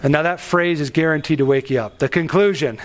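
A man preaching a sermon on a Bible passage, animated and emphatic, pushing his voice up on key phrases. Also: fairly high pitch, fast. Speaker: pastor.

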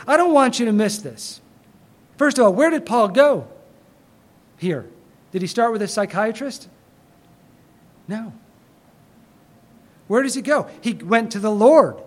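A man preaching a sermon, building to emphatic bursts and dropping to quiet pauses. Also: extremely high pitch. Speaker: pastor.

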